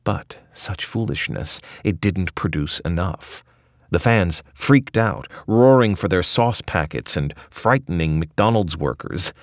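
A man's voice: low voice, no echo, studio quality. A man narrating a scripted audio essay with a wry, ornate delivery.

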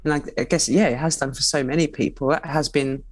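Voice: mid-range voice, quick pace. A guest, speaking candidly and expressively in conversation, with lots of "like" and asides. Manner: expressive, chatty, full of "like" and asides. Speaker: guest, writer and cook.

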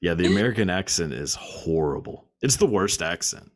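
A man's voice: sits low, expressive, moderate pace. A man hosting a podcast in casual chat, laughing often, swearing and rambling with many fillers. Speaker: podcast host.

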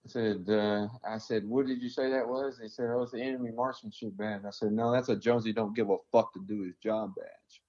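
A man's voice: fairly low pitch, steady tone, fairly quick, few pauses, dark tone, muffled recording. A man from the American South, an army veteran, telling his stories bluntly in a casual interview, swearing often and rambling with many fillers.

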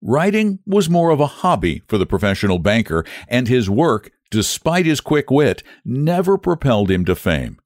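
A man hosting a podcast and reading a classic short story aloud in a steady, clear way. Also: medium pitch, normal speed, hardly any pauses, no echo, clean studio sound. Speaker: podcast host and narrator.

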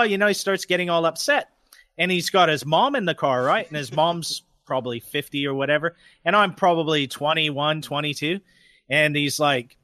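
Bright, animated man telling stories. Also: a little high, moderate pace, no echo. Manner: profane, animated storyteller. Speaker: podcast guest. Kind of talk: casual storytelling. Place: radio studio. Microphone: studio microphone.

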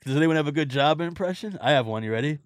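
A man's voice: a little high, animated, very fast, no room sound, studio quality. A man hosting a podcast, chatting casually with guests, joking and swearing freely. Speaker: podcast host. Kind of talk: casual chat.

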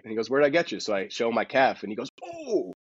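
A man who is a podcast guest and golf instructor, telling a story in a casual, animated way. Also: mid-range voice, fast talker, husky, no room sound, lo-fi sound.

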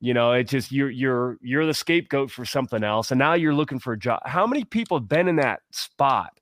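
A man's voice: mid-range voice, expressive, brisk, a bit bright, no room sound. Passionate rambling man, dry close sound. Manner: passionate, rambling, many restarts. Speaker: podcast co-host. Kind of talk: casual sports talk.

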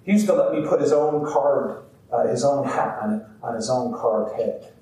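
A man's voice: mid-range voice, normal speed, mellow. A man, an actor and storyteller, giving a heartfelt live performance that he speaks straight to the audience. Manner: heartfelt, addressing the crowd directly. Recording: roomy, distant outdoor sound with faint background noise.

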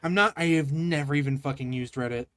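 A young man chats loosely on a podcast, swearing, joking and breaking into laughter. His voice sits a little high and the sound is dry and close. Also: fast, fairly bright tone, dry recording. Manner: crude, joking, laughs often. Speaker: podcast co-host. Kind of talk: casual review chat.

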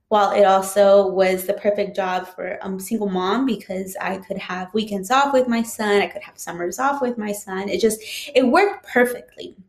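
A woman who is a teacher, casually telling a personal story with lots of fillers. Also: medium pitch. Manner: chatty, frequent "like" and "um" fillers. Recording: roomy echo.

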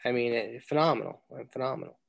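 A man of medium pitch answers in short, laid-back, mumbled lines. His voice is dry and close, with no room sound. He sounds relaxed and a bit sheepish in casual chat. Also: fast, gravelly, no room sound. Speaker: podcast regular.

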